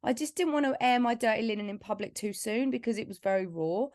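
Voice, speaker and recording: A woman's voice: a little high, fast talker, a little mellow, no echo, clean studio sound. Candid English woman from Essex. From Essex, England. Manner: candid, heartfelt storytelling with filler "like". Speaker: singer-songwriter guest. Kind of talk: casual podcast interview.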